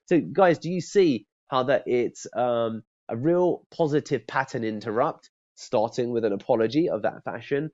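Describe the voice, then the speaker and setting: A man's voice: medium pitch, moderate pace, hardly any pauses, darkish tone. A man teaching cold calling in a conversational way, often restarting and checking in with "okay?". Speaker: sales trainer. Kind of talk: training talk to camera. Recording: dull lo-fi sound.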